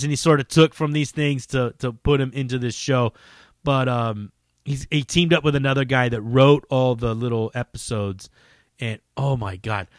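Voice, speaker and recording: A man's voice: mid-range voice, fairly bright tone, dry recording, clean studio sound. A man hosting his own podcast, talking casually in a rambling, heavily profane and enthusiastic way. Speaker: podcast host. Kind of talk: casual solo podcast talk.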